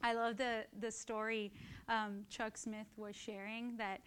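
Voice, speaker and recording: A fairly high-voiced woman gives a Bible teaching in a relaxed, conversational way. She keeps checking in with her listeners with a quick "right?" and gets animated and laughing when she tells personal stories. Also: clear, resonant tone. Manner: conversational, often adds "right?".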